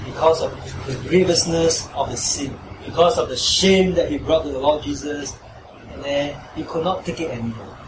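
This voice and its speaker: A man's voice: a little high, moderate pace. A man preaching a sermon and leading a closing prayer, emphatic and repetitive, often checking with listeners. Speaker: pastor. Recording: echoey room, mic at a distance, noisy.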